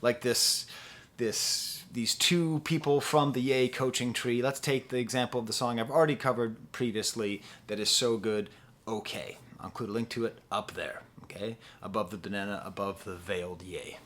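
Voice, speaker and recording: A young man reviews music in a loose, rambling, playful style, saying "like" a lot and singing brief snippets of songs. His voice sits fairly low with a steady tone, a moderate pace and a slightly bright quality.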